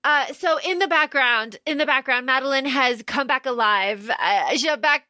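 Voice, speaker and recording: A woman's voice: sits high, moderate pace, no room sound, studio quality. A woman co-hosting a podcast, recapping a film in casual chat and acting out the characters' lines with lots of swearing. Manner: animated retelling, acting out lines, swearing freely. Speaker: podcast co-host.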